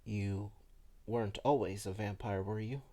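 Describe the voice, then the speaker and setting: A man doing a timid young interviewer, gravelly. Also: on the low side, fairly even intonation, unhurried, dark tone. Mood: nervous. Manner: timid, flustered. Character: nervous young male interviewer.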